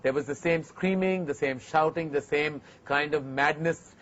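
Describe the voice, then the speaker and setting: A man's voice: on the high side, moderate pace, fairly bright tone, lo-fi sound. Earnest male filmmaker host. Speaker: filmmaker hosting a TV segment. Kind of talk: reflective to-camera talk.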